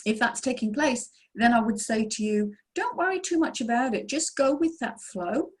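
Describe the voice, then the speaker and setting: Woman teacher, husky voice, encouraging, explains stuff to her online group. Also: on the high side, expressive, normal speed. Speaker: mediumship teacher. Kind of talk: online Q and A session.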